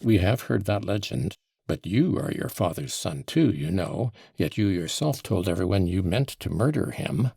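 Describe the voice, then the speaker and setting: A man voicing a severe male prosecutor in an audiobook, with measured, probing questions. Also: deep voice, expressive, vocal fry, mellow, slightly rough, no room sound, clean studio sound, exaggerated voice. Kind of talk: audiobook character voice.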